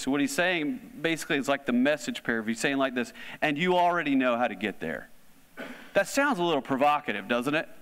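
A man's voice: medium pitch, a bit bright, big-room sound. A man preaching a conversational sermon as a pastor, often asking the congregation questions. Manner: conversational, asks the audience questions. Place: church hall.

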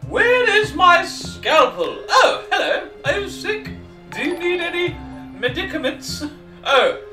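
A shrill, fussy woman doctor , as a man puts her on in a video game, prim and apologetic. The voice swoops high and sounds distant in an echoey room. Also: exaggerated voice.

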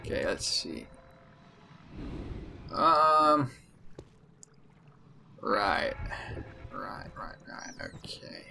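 A man giving let's-play commentary, excitable and panicky, swearing often at the game. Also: fairly low pitch, very slow, vocal fry, long pauses, a little hiss or hum. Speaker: gaming channel host.

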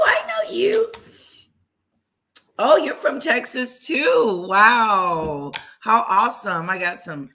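A woman hosting a casual livestream, warmly greeting viewers by name, bubbly and chatty. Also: mid-range voice. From Wisconsin. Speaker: livestream host. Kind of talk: casual live chat with viewers.

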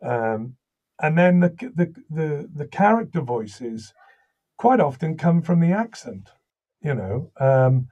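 Husky man with a slight Welsh accent. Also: fairly high pitch, slow pace, muffled recording. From Wales. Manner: animated anecdotal storytelling, many restarts. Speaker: voice actor and audiobook narrator. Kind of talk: interview conversation.

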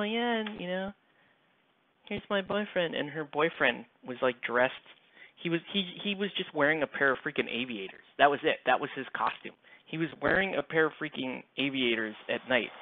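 A man live streaming while he paints miniatures, chatting casually and rambling with many fillers into a headset mic. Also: medium pitch. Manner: rambling, self-deprecating, lots of fillers. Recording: tinny phone-like sound.

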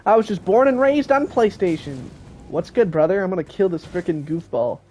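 A man's voice: high voice, expressive, fairly quick, darkish tone, a little hiss or hum. A teenage boy streaming a video game, joking and chatting casually with friends on a call. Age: teens. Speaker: gaming streamer. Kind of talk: casual live-stream commentary.

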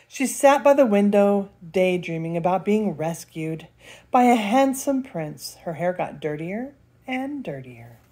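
Grandma reading a kids' book, really animated, kinda husky voice. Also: female voice, mid-range voice, a little slow. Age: older. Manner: expressive, laughs between lines. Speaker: storyteller. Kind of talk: reading a picture book aloud.

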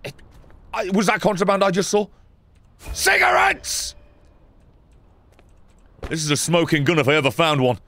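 A young man giving sarcastic, swearing commentary while playing a game, with sudden loud outbursts. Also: fairly high pitch, expressive, quick pace. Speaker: gaming YouTuber. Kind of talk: let's play commentary.

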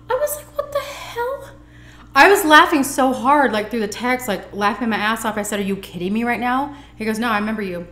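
Recorded in an echoey room with slight background noise, a young adult woman from the United States speaks at medium pitch. She's a vlogger eating while she tells a personal story, chatting animatedly and performing the dialogue.

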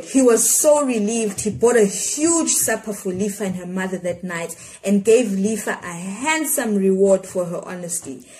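Woman, children's storybook read-aloud, expressive, dramatic pauses, mid pitch.

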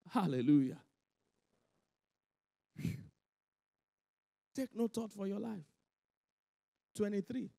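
A man preaching, his voice pitched high for a man. He drives his points home through animated repetition, and his voice rings out with the long reverb of a large church hall. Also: slow pace, vocal fry, pauses often. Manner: animated, laughing, emphatic repetition. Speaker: pastor. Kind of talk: sermon.

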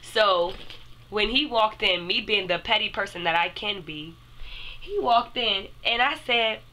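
A woman's voice: medium pitch, animated, unhurried, sharp tone, low-quality recording. A young woman telling a casual storytime to her viewers in a chatty way, speaking straight to them.

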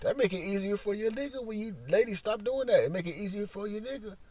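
A high-voiced man rants through a profane comedic monologue, often jumping in volume and slipping into other voices to act out scenes. His voice sits high for a man. Steady noise runs under the recording. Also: quick pace. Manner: profane, loud, animated, acts out voices. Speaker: comedic podcast host.

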